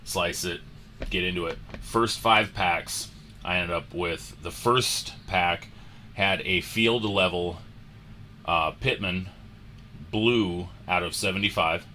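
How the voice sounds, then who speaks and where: A male host of a sports card livestream recounts a story with a slow, deliberate pace. His voice sits low but has a bright, forceful edge. He acts out the moments as he goes, over a faint background hiss. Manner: animated storyteller, re-enacts moments.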